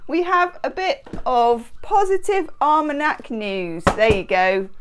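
A woman hosts a casual daily tarot reading, chatting playfully and making wry little asides about herself. Her voice sits a bit high and swoops around a lot, lively and sing-song as she reads and muses. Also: slow pace, background noise. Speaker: tarot reader and channel host. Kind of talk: reading aloud from an almanac.

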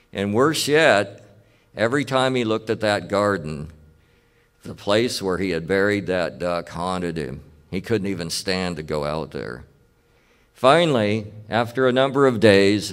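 A man's voice: sits low, smooth. A man preaching a sermon as pastor, telling stories in a folksy, plain-spoken way in church. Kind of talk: storytelling sermon.

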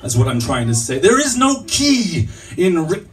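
A man on a comedy club stage plays a self-serious motivational speaker who keeps tripping over his own wordplay. His voice swings up and down and sits a little high. He is picked up from a distance, with faint room noise behind him. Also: very animated, moderate pace, crowd noise. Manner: mock-earnest, stumbling over his own puns. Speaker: stand-up comedian.

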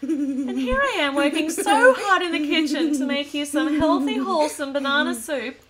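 Woman, high voice, mock-stern game narrator over a loud crowd-like backdrop. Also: normal speed. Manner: mock-stern scolding, frequent laughter. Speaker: host. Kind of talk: playful app gameplay story narration. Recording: loud crowd-like noise behind.

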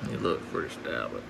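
A man's voice: on the low side, gravelly, background noise. A man narrating a casual outdoor vlog as a hog trapper, chatting in a folksy way with asides to his viewers. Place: outdoors near a house.

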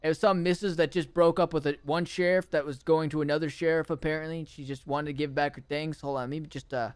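A man streaming a game roleplay as a delivery driver, talking in a hurried, chatty way and stepping out of character to talk to his chat. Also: a little high, fairly even intonation, clear, resonant tone, no room sound.

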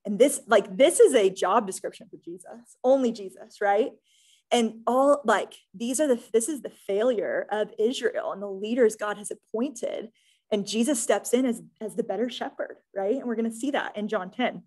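A young woman teaching a Bible study, casual and earnest, often pausing with "um" and checking in with "right?". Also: fairly high pitch, a little mellow. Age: young adult.

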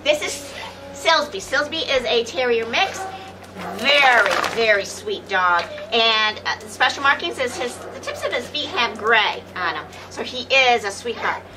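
A woman's voice: fairly high pitch, animated, a little slow, music in the background. A woman presenting shelter dogs for local TV, out of breath as she handles them, coaxing them and laughing between lines. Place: outdoors by a fence with dogs. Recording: noisy local TV recording.

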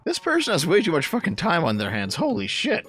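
A young man hosting a show, reacting to clips with loud, crude exclamations and swearing. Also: sits high, huge pitch swings, brisk. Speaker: commentary host.

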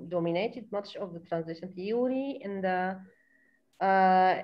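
A woman's voice: mid-range voice, muffled recording. A woman presenting a chapter to an online class, hesitant and full of fillers, over video call audio. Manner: hesitant, many fillers, slow. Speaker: student presenter.

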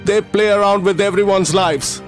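An actor dubbing a gentle, caring male teacher who talks in an emotional, pleading way. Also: sits high, fairly even intonation, normal speed, faint music behind, natural voice. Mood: bitter. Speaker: teacher running a school for poor children. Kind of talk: dubbed film acting.

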